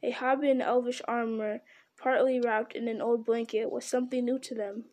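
Woman reading a kids' book out loud, steady and calm, a bit high. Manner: steady, unhurried reading with small slips. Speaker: reader. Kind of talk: storybook read-aloud.

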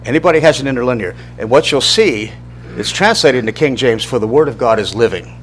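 A man's voice: mid-range voice, expressive, brisk, fairly bright tone, slight background noise. A middle-aged man teaching an informal church Bible class, talking conversationally, asking the class questions and often restarting his sentences.

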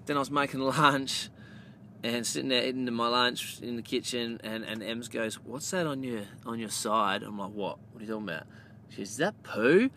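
A podcast host with an Australian accent, speaking at a moderate pace in a mid-range voice, tells a meandering, swear-heavy story and calls listeners mate. The punchline brings him to a loud, animated peak, over slight background noise.

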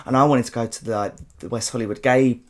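Stories pour out fast from this podcast host, whose medium-pitched voice holds a steady tone. He's a South Londoner with the accent to match, chatting casually, cursing freely and laughing a lot.

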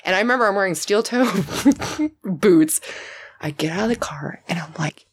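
Animated woman telling a rowdy story. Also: mid-range voice, moderate pace, slight background noise. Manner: animated, swings into loud shouted retellings. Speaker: podcast guest. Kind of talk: casual storytelling chat.

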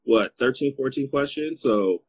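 A man's voice: mid-range voice, measured pace, slightly rough, no echo, rough recording. A man hosting a live stream in casual chat, playful and teasing, rambling with fillers.

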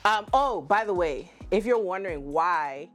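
A Bahamian woman with a low, full voice hosts a relaxed podcast. She teases her co-hosts in a playful, animated way. Faint music plays underneath. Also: unhurried. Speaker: podcast host. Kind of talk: casual podcast chat.

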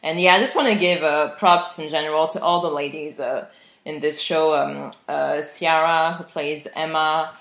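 A woman co-hosting a podcast, talking casually about a TV drama with many fillers and pauses. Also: low-pitched, fairly even intonation, fairly bright tone, reverberant. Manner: many filler words, halting. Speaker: podcast co-host.

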